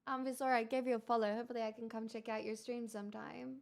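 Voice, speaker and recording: A woman's voice: on the high side, flat delivery, quick pace, vocal fry. A woman hosting a casual livestream, chatting with viewers, thanking them in an exclamatory, wry way. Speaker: livestream host.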